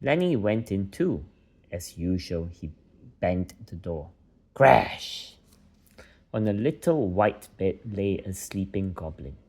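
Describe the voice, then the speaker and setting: A father reading a bedtime story aloud to his children, gently putting on voices for the characters. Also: low-pitched, big pitch swings, a little slow.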